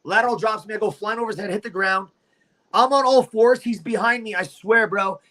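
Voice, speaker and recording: A man's voice: high voice, a little fast, pushed and bright, rough recording. A man, telling a profane, swaggering fight story as a livestream guest.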